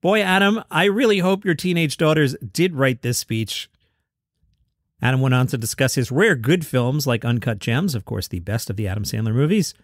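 A man's voice: mid-range voice, normal speed, dry recording, clean studio sound. A man from New York City hosting a daily comedy news podcast, reading items with wry, sarcastic asides.

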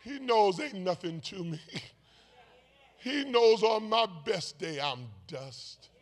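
High, gravelly-voiced preaching man. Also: animated, takes it slowly. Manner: call-and-response preaching, swings between shouting and hushed asides; playful teasing of the congregation. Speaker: bishop preaching. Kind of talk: sermon. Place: church sanctuary.

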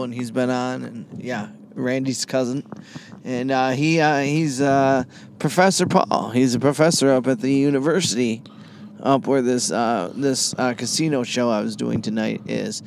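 A man's voice: medium pitch, fairly even intonation, moderate pace, slight background noise. A man from Michigan, a comedian, telling a rambling story on a podcast with many fillers. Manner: rambling, lots of fillers and laughs.

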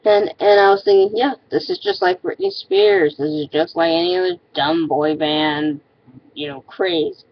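A woman's voice: fairly low pitch, expressive, moderate pace, vocal fry, muffled recording, slight background noise. A woman ranting in a casual vlog, exasperated and sarcastic, often stopping and restarting her sentences. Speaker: vlogger.

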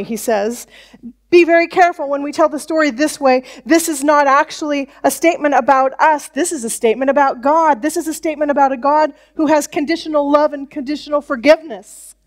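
High-voiced woman pastor, lively conversational sermon delivery. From United States. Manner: conversational preaching, animated quoted voices. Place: church.

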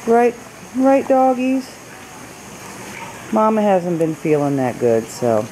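A woman's voice: low-pitched, big pitch swings, moderate pace, dark tone, a little hiss or hum, low-quality recording. A woman chatting casually on a home video blog, filming with a handheld camera and cooing in baby talk to her pets. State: unwell, recovering from illness. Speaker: vlogger. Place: home, in and out of doors.

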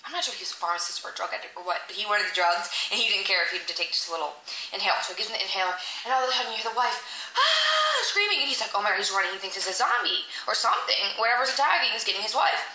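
A young woman, chatting to camera as she retells a movie and acts out the lines in quick little voices. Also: medium pitch, animated, pushed and bright. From Philadelphia. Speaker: vlogger reviewing a movie. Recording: echoey room, faint noise.

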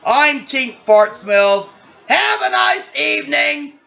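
A man's voice: extremely high pitch, sing-song, slow pace, creaky, sharp tone, dull audio, voice pushed up, exaggerated voice. A man voicing an upbeat male game show host with an announcer-style delivery. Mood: showy.

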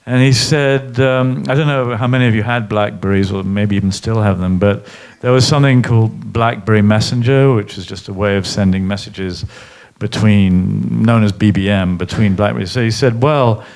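A man's voice: lowish voice, fairly even intonation, normal speed, vocal fry, few pauses, a little mellow. A middle-aged man being interviewed on stage, telling stories in a reflective way with many fillers and restarts. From Britain. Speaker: guest, columnist and author. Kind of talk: live interview at a public event.

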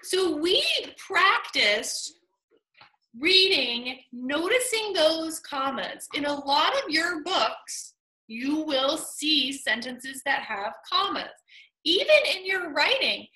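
A woman teacher reading a story aloud to young children, slowing down and pausing to show how punctuation works. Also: high-pitched, bright, forceful tone, echoey room, rough recording. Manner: slow, deliberate reading aloud with exaggerated pauses.

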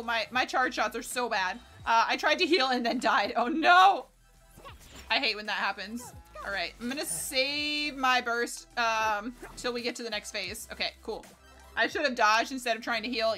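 A woman streamer giving chatty, excitable live commentary while playing a co-op game, laughing and swearing often. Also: on the high side. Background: faint game music.

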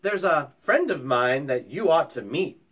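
Brief: a man doing a quick, bold little mouse, high and bouncy storybook voice. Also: expressive, a bit bright. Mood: eager. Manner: high, eager, storybook read-aloud. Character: small clever boy mouse, quick and bold.

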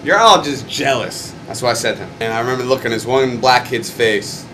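A young man talks to the camera in a hotel room, swearing freely and telling a rambling story at an ordinary pitch. A faint air-conditioning hum sits behind him. He sounds worn out from the night before, and he swings loud and excited when he acts out the fights. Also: quick pace. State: rough, morning after a wild night. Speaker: stuntman.

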